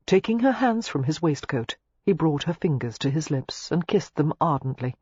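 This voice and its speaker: An audiobook narrator reading a romance novel in a measured, even way, recorded on a close mic. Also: mid-range voice, slightly rough, no room sound, highs cut off.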